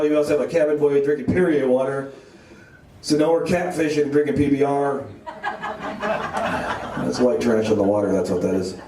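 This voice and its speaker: A man's voice: mid-range voice, recorded from a distance. A man doing a stand-up comedy set on a club stage, telling rambling self-deprecating stories to an audience that laughs along. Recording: echoey club, voice off-mic, crowd laughter.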